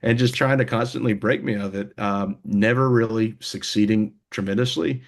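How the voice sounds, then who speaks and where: A man's voice: on the low side, fairly even intonation, normal speed. A young man, a band member, talking casually in an interview, rambling with many fillers and restarts. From United States.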